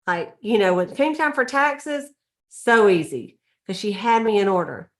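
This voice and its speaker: A woman's voice: medium pitch, expressive, normal speed. Chatty woman leading a meeting. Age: middle-aged or older. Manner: chatty, laughing, acts out little scenes. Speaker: sales director leading a team meeting. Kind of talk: casual motivational talk.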